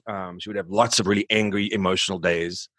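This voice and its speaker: A man in his forties talking candidly in an interview, halting and subdued, with many restarts as he searches for words. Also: deep voice, fairly even intonation, bright, forceful tone, dry recording. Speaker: musician guest.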